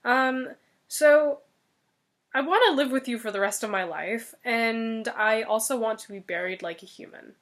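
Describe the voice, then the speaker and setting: A woman's voice: fairly high pitch, a little slow, a bit bright. A woman voicing a clever female talking fox who talks persuasively in a casual fairy-tale retelling. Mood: pleading. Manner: persuasive, chatty.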